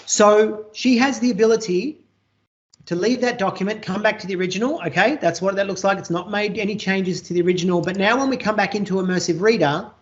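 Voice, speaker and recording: A teacher walks an online class through a software demo in a chatty way and keeps asking "all right?". The voice comes over a computer mic on a video call. The sound is muffled and lo-fi. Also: medium pitch. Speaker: teacher presenting a workshop. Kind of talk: live online tech demonstration.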